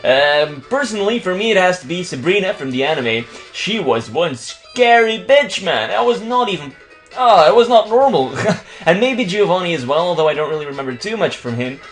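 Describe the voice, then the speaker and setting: A young man, not an English speaker, talks through a video game in loose, crude let's play commentary. His voice sits a touch high and jumps around lively, with faint music playing behind him. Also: moderate pace. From Belgium. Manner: casual, crude and rambling, with many restarts.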